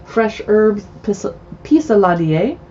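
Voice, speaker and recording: Her pitch sits in the middle, her intonation is lively, and she takes her time in a mellow way. She's a cookbook show host from the US West Coast, streaming from a city home while reading recipe titles and adding casual remarks. The sound is muffled, with a bit of background noise.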